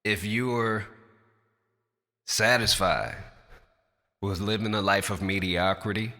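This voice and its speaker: A man's voice: fairly low pitch, fairly even intonation, slow, sharp tone, in a large hall. A man who raps, speaking straight to camera in a passionate, blunt and profane rant in his natural everyday voice. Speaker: rapper.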